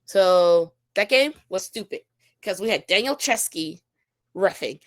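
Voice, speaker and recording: A woman co-hosting a casual sports podcast, ranting in an animated, exasperated way and swearing freely. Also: medium pitch, measured pace, dry recording. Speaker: podcast co-host.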